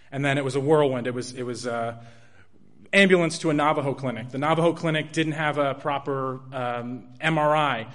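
Young man, slightly high voice, earnest, halting personal storytelling. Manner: earnest, halting retelling with restarts and soft laughs.

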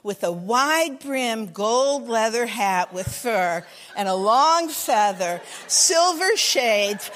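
A woman with a fairly high voice tells a comic story live to an audience, wry and full of vivid detail. She slows down to savor key details. The sound carries a long hall reverb. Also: fairly bright tone.

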